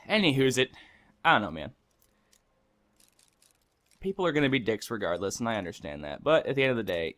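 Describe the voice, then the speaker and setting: With a medium-pitched, fairly bright tone, the young man keeps up casual let's-play chatter on his gaming channel. He rants, rambles, and curses freely as the game goes on.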